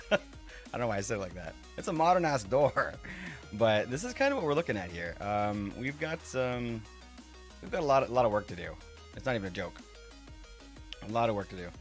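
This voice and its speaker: Man, live streamer, casual chat, animated pitch, rambling, laughs a lot, swears, faint music behind. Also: brisk, long pauses.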